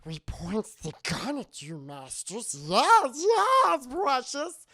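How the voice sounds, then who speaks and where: Man putting on a squeaky groveling Gollum-like woman, hissing, drawn-out, wildly swooping, gravelly. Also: sing-song, pushed and bright, no echo, clean studio sound, exaggerated voice. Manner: hissing, groveling, slow drawn-out lisping speech.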